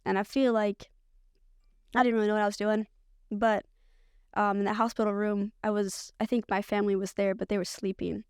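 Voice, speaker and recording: Her mid-range voice is creaky and a bit mellow, captured in a clean studio sound without echo. A woman guesting on a podcast, she tells her own story candidly and ramblingly, often filling with "like."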